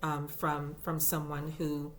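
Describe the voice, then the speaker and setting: A woman talks through her crochet projects in a casual vlog, chatty and gushing as she goes. Her voice sits on the low side and her pace is slow and unhurried. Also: monotone, a bit bright. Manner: chatty and gushing, with fillers and repeats. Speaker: crochet YouTuber. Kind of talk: casual show-and-tell vlog.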